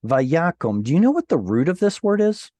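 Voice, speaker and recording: This man talks fast in a high-pitched, dark-toned voice whose pitch swoops wildly, with no echo. He's teaching an online Bible Hebrew class over video call, laying out grammar patiently and playfully and quizzing his students throughout.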